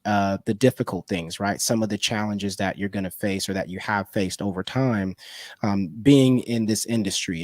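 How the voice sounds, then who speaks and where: A man hosting a casual interview, relaxed and affirming, with loose slangy phrasing. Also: mid-range voice, no echo, studio quality. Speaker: interview host.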